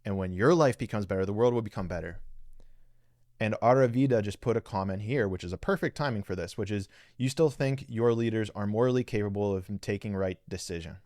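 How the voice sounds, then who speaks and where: A man's voice: fairly low pitch, fairly quick, a little mellow, dry recording, studio quality. Earnest man giving spiritual advice. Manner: earnest, repetitive, coaching listeners directly. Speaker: podcast host. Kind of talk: spiritual teaching monologue. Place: live stream reading viewer comments.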